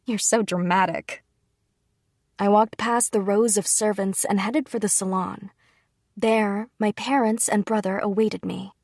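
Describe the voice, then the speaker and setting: A woman reads a light novel aloud in first person, calm and even. Her voice is husky with a gravelly grain, and the sound is close and dry. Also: medium pitch, measured pace, dry recording. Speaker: audiobook reader.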